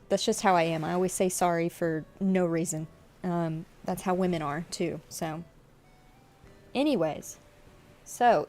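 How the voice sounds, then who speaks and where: A young woman, chatting on her live stream. She is tearful, halting and apologetic, with lots of fillers. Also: mid-range voice, darkish tone. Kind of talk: casual live-stream chat.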